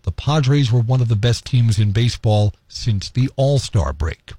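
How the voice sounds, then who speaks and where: A man hosting a morning radio show, hoarse from losing his voice, chatting. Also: medium pitch, expressive, a little slow, dark tone, dry recording. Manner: chatty, rambling with fillers. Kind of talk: casual radio talk. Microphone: studio microphone.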